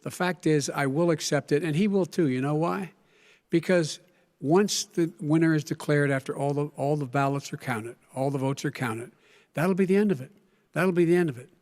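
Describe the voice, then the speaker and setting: A man's voice: on the high side, normal speed, a little mellow. A man speaking as a candidate in a televised debate, emphatic and insistent.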